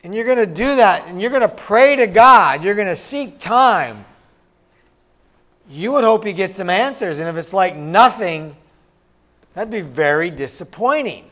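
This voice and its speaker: Man, pastor, sermon, high voice, chatty and self-mocking. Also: animated, unhurried, a bit bright. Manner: conversational and self-deprecating, acts out quoted voices.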